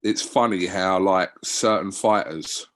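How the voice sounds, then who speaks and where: Male guest, low, relaxed, chatty. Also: measured pace. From Wickford, England. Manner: relaxed storytelling, many fillers. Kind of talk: casual interview chat.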